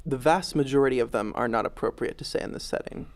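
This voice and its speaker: A man's voice: medium pitch, quick pace. A young male student debater, speaking in a mock-dramatic, joking way. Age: young adult. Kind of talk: comic argument.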